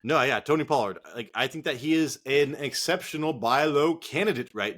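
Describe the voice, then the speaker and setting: A man's voice: mid-range voice, lively intonation, normal speed, a bit bright. A man co-hosting a casual sports podcast, speaking bluntly with casual swearing and hesitant fillers. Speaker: co-host.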